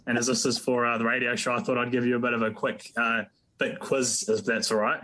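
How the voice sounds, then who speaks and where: Bright, chatty New radio host. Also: male voice, medium pitch, little pitch movement, fairly quick. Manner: chatty, jokey, teasing. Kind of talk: casual radio chat and interviewing.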